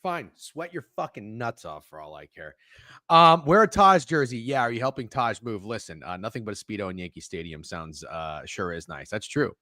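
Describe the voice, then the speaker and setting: A man's voice: on the low side, animated, moderate pace, bright, forceful tone, dry recording, studio quality. A man hosting a sports betting podcast, talking in casual, profane, defensive banter. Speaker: podcast host.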